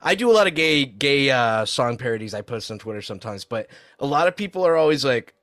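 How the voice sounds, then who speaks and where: A man's voice: medium pitch, animated, quick pace, a bit bright, no echo, studio quality. A man co-hosting a podcast with crude, teasing jokes. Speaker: podcast co-host. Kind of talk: casual podcast banter.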